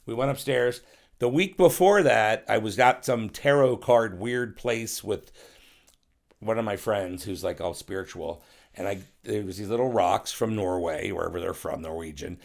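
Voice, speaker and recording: A middle-aged man with a fairly low, gravelly voice speaks at normal speed as a guest on a podcast. In a casual interview he tells rambling, profane stories and acts out other people's voices.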